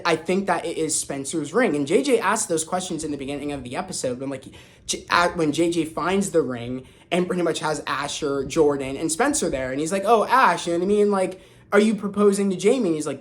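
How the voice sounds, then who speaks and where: A man talks through a TV episode in a loose, chatty review, piling up fillers and restarting his sentences as he goes. His voice sits a little higher than most men's, and he sounds eager and amused. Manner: rambling, many fillers and restarts; excitable, laughs off the plot. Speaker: TV show reviewer. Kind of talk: casual spoken episode review.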